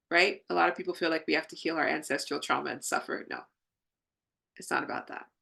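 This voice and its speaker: A woman hosts a live spiritual healing session and speaks straight to the people in her chat. Her voice sits low and has a lot of gravelly fry, with a bright, forward edge. She talks in an effusive, affirming way. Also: fast talker.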